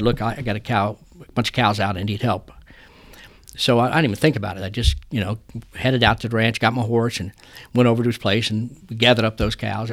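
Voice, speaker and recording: An older man, a trial lawyer telling folksy stories in an interview. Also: mid-range voice. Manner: folksy, drawling storyteller. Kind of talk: interview storytelling.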